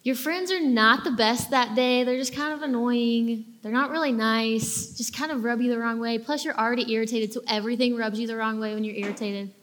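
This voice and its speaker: Animated young woman telling a story. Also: on the high side, a little fast, hardly any pauses. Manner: animated, acts out little quoted lines. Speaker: speaker addressing teens. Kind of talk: casual storytelling talk to a youth audience.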